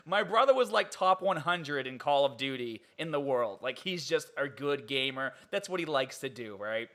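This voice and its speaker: A young man hosting a podcast, talking in an animated, incredulous way and laughing often. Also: mid-range voice, moderate pace, few pauses. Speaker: podcast host. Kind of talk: casual podcast chat.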